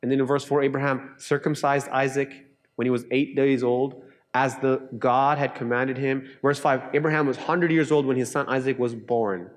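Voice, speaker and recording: A middle-aged pastor from Canada preaching a sermon in an earnest way, rising into lively storytelling and dropping into quiet, low emphasis. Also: male voice, normal speed.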